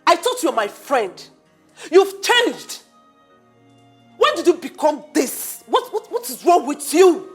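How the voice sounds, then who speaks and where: A high-voiced, scolding friend. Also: female voice, sing-song, slow pace, soft background music, heavily acted. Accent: Nigerian. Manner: scolding, incredulous questions. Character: outspoken young woman scolding a friend.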